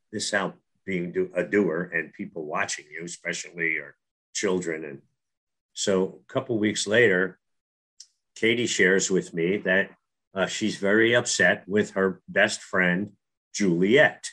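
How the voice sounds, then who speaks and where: A man's voice: low voice, a little slow, pushed and bright. A middle-aged man from New Jersey telling a personal faith story in casual, earnest talk, with frequent restarts. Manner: earnest, repeats words and restarts.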